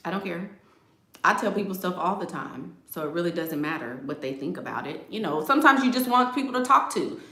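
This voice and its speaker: With a fairly low, animated voice, this relationship advice livestreamer chats casually, going through viewer comments. She talks straight to her viewers, sassy and brisk, her tone sharp, and she keeps slipping in laughing asides. The recording carries the echo of the room.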